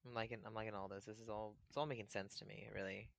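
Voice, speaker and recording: A young man co-hosting a podcast, deadpan and contrarian in casual chat. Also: on the low side, fast talker, creaky, dry recording. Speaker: podcast co-host.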